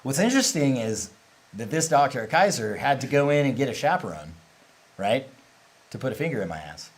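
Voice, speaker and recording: Over poor audio, a man with a mid-range, very animated voice hosts a casual livestream at a slightly fast pace. Acting as host and company representative, he rambles openly and laughs easily while answering questions.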